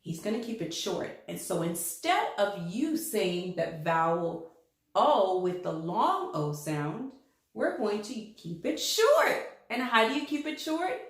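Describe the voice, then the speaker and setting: Heavy reverb surrounds a woman's slow, medium-pitched voice as she leads a children's reading lesson. She turns it into an animated story, performing the lines the letters speak.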